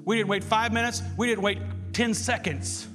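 A man preaching a sermon, telling a story with lively swings into shouting. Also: high-pitched, normal speed. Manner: animated storytelling, bursts into shouts. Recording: long hall reverb with loud music.

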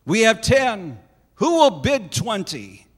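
Persistent male auctioneer, quoted by a preacher, high voice, long hall reverb. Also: very animated, slow pace, exaggerated voice. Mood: insistent.

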